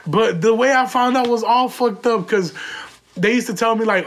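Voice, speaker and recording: A man's voice: very high-pitched, moderate pace, fairly bright tone. A man telling a rambling, profane comic story from his own life in casual slang, full of "like" fillers. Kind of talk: comedic storytelling.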